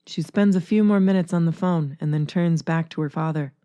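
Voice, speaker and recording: A woman reading a story aloud in a steady, plain narrating manner. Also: sits low, a little fast, no echo.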